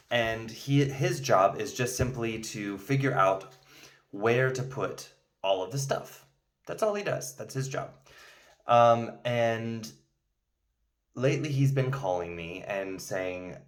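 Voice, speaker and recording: Chatty man, slightly low voice. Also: a bit bright. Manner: rambling, with many fillers and restarts; acts out indignant outbursts in the story. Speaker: video host telling a story. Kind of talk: casual storytelling to camera.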